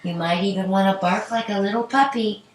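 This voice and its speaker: A middle-aged woman guiding a children's yoga class in a gentle, encouraging, playful way. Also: medium pitch, a little fast, heavy background noise. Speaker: yoga instructor. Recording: echoey room, from a distance.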